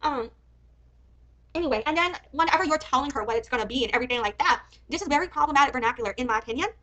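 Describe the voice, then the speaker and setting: Fast, high-pitched woman ranting. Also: a bit bright, rough recording. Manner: heated, swearing, angry rants. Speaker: commentary streamer. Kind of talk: reaction commentary.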